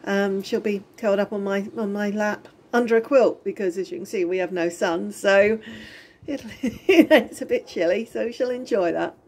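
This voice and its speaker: A woman's voice: medium pitch, normal speed, a little mellow. A middle-aged woman giving a rambling, chatty video diary from her home, often breaking into giggles. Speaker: vlogger. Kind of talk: casual lockdown diary vlog. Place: home in Spain during lockdown.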